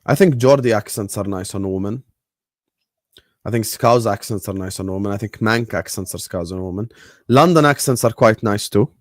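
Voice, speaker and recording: A young man hosting a football watchalong stream, chatting casually in a rambling, joking way with slang and swearing, sometimes mumbling low in mock sadness and sometimes shouting at the match. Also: moderate pace, dry recording, clean studio sound. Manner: drops to low mock-sad mumbles, then loud bursts at match action. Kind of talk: casual live-stream chat.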